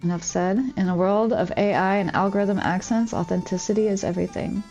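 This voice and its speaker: A woman streams a game from home, rambling through casual, confiding chat packed with "like." Her mid-range voice is steady, a little mellow and fairly quick, and the dull audio carries faint music behind her.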